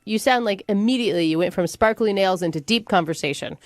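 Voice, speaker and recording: A woman's voice: mid-range voice, dry recording, clean studio sound. A woman co-hosting a radio show, bantering playfully and teasing her co-host. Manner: playful, quick to tease.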